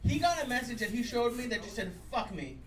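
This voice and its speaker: A man's voice: very high voice, animated, quick pace. A young adult man performing a self-deprecating stand-up set at a live show, rambling with many fillers. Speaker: stand-up comedian. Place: comedy venue with live audience. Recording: roomy live room, far from the mic, noisy. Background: audience laughter.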